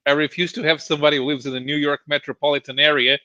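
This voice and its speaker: A man's voice: fairly high pitch, fairly even intonation, rapid-fire, sharp tone, no echo. A man as a guest on a casual podcast chat, dry and pushing back on teasing. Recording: dull lo-fi dry call audio.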